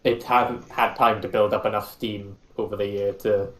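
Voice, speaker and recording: A man's voice: fairly low pitch, level tone, normal speed, fairly bright tone, rough recording. A man in a casual podcast chat, giving his opinions in an easygoing way.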